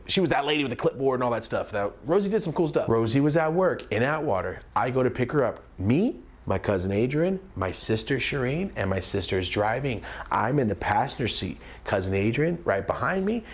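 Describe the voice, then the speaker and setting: A young man in his twenties, a comedian, telling a story with lots of energy, sometimes shouting out lines. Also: medium pitch. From California. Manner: animated, screams and shouts quoted lines.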